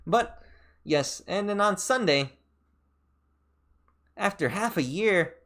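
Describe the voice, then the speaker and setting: A man streaming a casual chat, telling a rambling story full of fillers and restarts, his pitch jumping sharply up and down. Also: animated, slow, fairly bright tone. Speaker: VTuber streamer.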